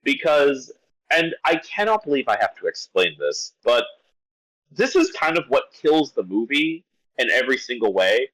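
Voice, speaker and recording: Animated, exasperated man ranting about a film. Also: medium pitch, normal speed, low-quality recording. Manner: animated, exasperated rant with many restarts. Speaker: podcast movie critic. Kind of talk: casual podcast discussion.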